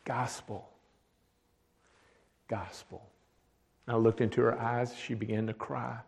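A man, a pastor, telling a testimony story, dropping to a hush for the words of others. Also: mid-range voice, level tone, moderate pace, vocal fry. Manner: drops to a hushed voice for quoted speech. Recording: long hall reverb.

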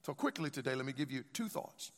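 A man's voice: medium pitch, animated, fast. A male pastor preaching a sermon, urging the congregation to repeat after him in emphatic, repetitive call-and-response phrases. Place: church sanctuary. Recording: long reverb of a church hall.

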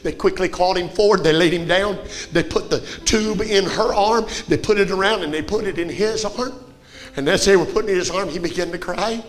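A man preaching a fiery revival sermon in a church, telling a story that swells into impassioned shouting. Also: high voice, fairly quick, faint music behind. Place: church sanctuary.

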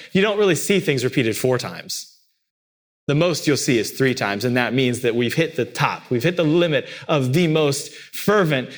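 A man preaching a sermon, animated and acting out cries with sudden leaps in pitch. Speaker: pastor.

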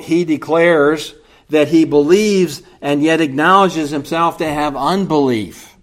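A man preaching an earnest expository sermon, slow and deliberate. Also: fairly high pitch, fairly bright tone.

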